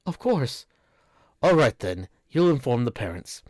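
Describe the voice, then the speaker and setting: A man reading the lines of a calm, scheming male villain in a flat, offhand way. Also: mid-range voice, unhurried, no room sound, studio quality.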